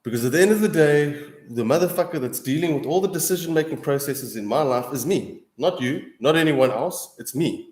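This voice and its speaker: A man's voice: on the high side, animated, fairly quick, hardly any pauses, darkish tone. A young man in a casual, heated monologue, swearing often and calling the listener bro and dude. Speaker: streamer answering viewers. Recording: echoey room.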